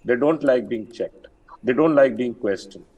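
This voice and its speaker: Older army general, heard from afar. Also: male voice, mid-range voice, moderate pace, warm tone, husky. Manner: firm, emphatic, with frequent fillers and restarts. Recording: distant from the mic.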